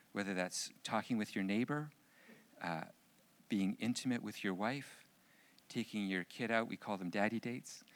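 An earnest male preacher with a somewhat low voice, speaking to a room of men. He repeats key lines for emphasis and builds to loud, fervent prayer. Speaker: pastor speaking at a men's gathering. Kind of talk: sermon with closing prayer.

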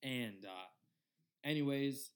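A man's voice: mid-range voice, slow pace. A young man in his twenties co-hosting a casual podcast and telling a story in loose, swear-filled speech full of "like" and "you know.". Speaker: podcast co-host.

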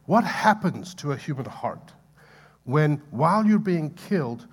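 A man preaching a sermon, swinging between loud impassioned pleading and soft asides to the congregation. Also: on the high side, very animated, a little slow. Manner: impassioned, building to loud pleading peaks then dropping soft. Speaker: pastor.

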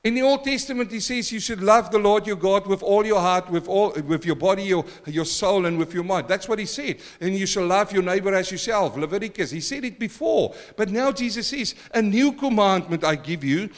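A middle-aged male pastor preaching a sermon, animated and talking straight to his congregation. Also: sits high, fairly quick, hardly any pauses. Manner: animated, talks directly to the congregation and to the apostle.

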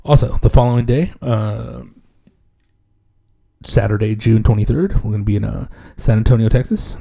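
A man's voice: fairly low pitch, moderate pace, gravelly, mellow. A man hosting a comedy podcast in a casual, joking monologue, loosely repeating "yes, yes" and "man". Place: podcast studio.

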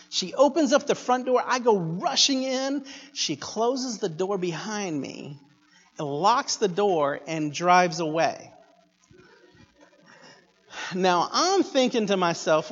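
Animated male preacher telling a story, moving from quiet asides to loud bursts; muffled, reverberant hall. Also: high voice, measured pace. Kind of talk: sermon storytelling. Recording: echoey hall, dull sound.

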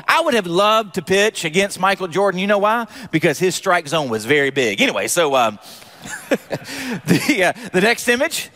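Man, pastor, sermon, high voice, bright tone, joking with the crowd. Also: moderate pace. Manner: animated, joking with the congregation. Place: church.

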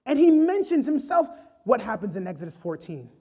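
A man's voice: very high voice, very animated, brisk, mellow, husky. A man preaching an impassioned sermon, rising and falling in intensity. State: choked up with emotion.

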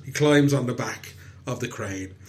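An Irish man telling a folk tale in a relaxed podcast chat, animated and quick to laugh. His voice sits at an average pitch and he talks in a friendly, conversational way. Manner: animated and chatty, laughing often. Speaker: podcast host, storyteller. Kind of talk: casual storytelling chat.

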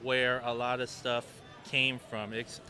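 A man's voice: mid-range voice, level tone, takes it slowly, pushed and bright. A man being interviewed at a convention booth, rambling and hesitant with many restarts. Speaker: guest, booth helper.

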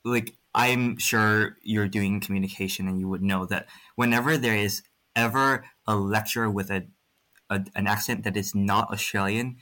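A man's voice: fairly low pitch, steady tone, moderate pace, sharp tone. A young Vietnamese man with an American-influenced accent, a native Vietnamese speaker, answering interview questions frankly with many fillers. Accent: American-influenced English, Vietnamese speaker.

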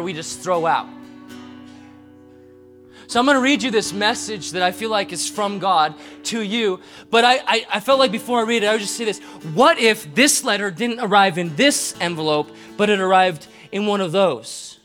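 A male pastor preaching a sermon through an animated, chuckling story full of "like" fillers. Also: sits high, moderate pace, faint music behind.

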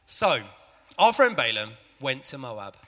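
A man narrates a Bible story to a church family audience, chatting with listeners as he goes. His voice is bright and animated, and a long church-hall reverb follows him. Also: medium pitch, measured pace. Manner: lively, chatty, addresses the audience.

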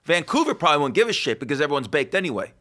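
A man's voice: a little high, very animated, racing, fairly bright tone. A man in his thirties co-hosting a casual chat, profane and riffing with movie references. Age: 30s. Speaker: podcast co-host.

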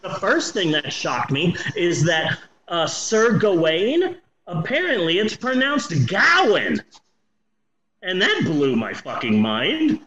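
A man's voice: on the high side, unhurried, hardly any pauses, reverberant, muffled recording. A man in his forties casually reviewing a movie on a podcast, swearing often and talking with eager enthusiasm. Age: 40s. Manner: animated, swears a lot, enthusiastic.

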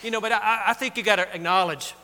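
In a big-sounding room, a man with a sharp, high-pitched voice preaches at a quick pace. His sermon is conversational, and he acts out quotes with growing intensity.

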